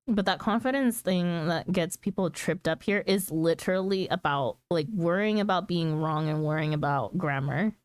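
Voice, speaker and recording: A female streamer casually chats with viewers while reading their messages, often laughing and dropping plenty of "like" fillers. Her pitch is fairly low, her speed normal, and there's no echo.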